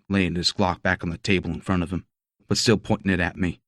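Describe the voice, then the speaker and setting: Deep-voiced male audiobook narrator. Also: steady tone, fairly quick, a bit bright, no room sound, studio quality. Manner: gritty, profane storytelling. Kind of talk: first-person romance audiobook narration.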